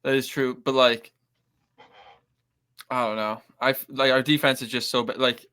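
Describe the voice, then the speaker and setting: A man's voice: mid-range voice, flat delivery, normal speed, sharp tone, smooth. A young man co-hosting a podcast, joking around in slangy casual chat. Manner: jokey, laughs easily, slangy. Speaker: podcast co-host.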